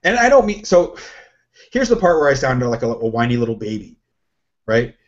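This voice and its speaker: A man's voice: mid-range voice, big pitch swings, fairly quick. A man talking casually as a podcast co-host, rambling and questioning himself, with many restarts. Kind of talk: casual chat. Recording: lo-fi, dull sound.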